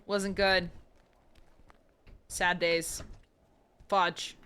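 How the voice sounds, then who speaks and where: A woman's voice: fairly low pitch, little pitch movement, very slow, bright, forceful tone, clear, resonant tone. A young woman streaming a horror game, chatting playfully and joking with her viewers. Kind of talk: casual live game commentary.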